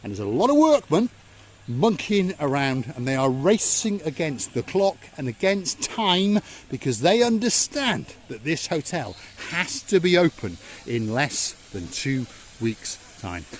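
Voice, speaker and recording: Out by a seaside resort, an English vlogger plays tour guide for his travel video, full of jokes and rambling, lively chatter. He speaks unhurriedly at a fairly high pitch, and the recording carries slight hiss or hum.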